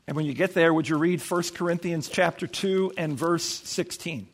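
A man preaching a sermon as pastor, emphatic, acting out quoted voices with sudden swings in pitch. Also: normal speed.

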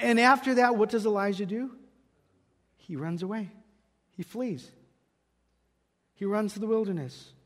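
A man preaching a sermon, telling a scripture story and raising his voice when he quotes it. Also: sits high. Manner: storytelling, quoting scripture with raised voice. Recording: long hall reverb.

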